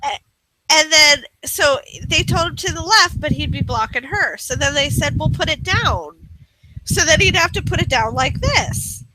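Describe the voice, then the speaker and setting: A woman co-hosting a comedic chat show, retelling scenes in an animated way and acting out quotes. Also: sits high, normal speed, rough recording. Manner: animated storytelling, acts out quotes. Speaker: co-host.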